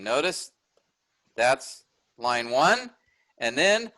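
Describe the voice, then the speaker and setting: A man's voice: mid-range voice, big pitch swings, takes it slowly, long pauses, bright, forceful tone. A middle-aged man teaching a class, explaining step by step and often checking in with "all right?". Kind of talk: recorded lecture with screen sharing.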